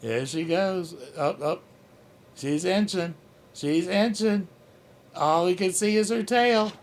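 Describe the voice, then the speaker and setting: Vlog host, male, higher voice, slow profane rambling, jokey; coos at his cat. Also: slight background noise. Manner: profane, rambling, joking, talks baby talk to his cat. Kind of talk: casual rambling vlog chat.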